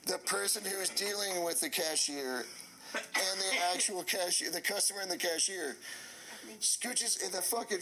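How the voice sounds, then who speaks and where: A man telling a funny story casually, animated and laughing as he goes, swearing freely. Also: high voice, moderate pace, heavy background noise. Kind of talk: casual anecdote.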